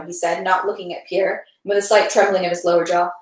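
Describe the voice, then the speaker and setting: A woman's voice: medium pitch, flat delivery, fairly quick, hardly any pauses, echoey room, rough recording. A woman reading a long novel aloud, changing her tone for the dialogue and sometimes stumbling and restarting. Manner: reads dialogue with shifting tones, occasional slips and restarts. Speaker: reader.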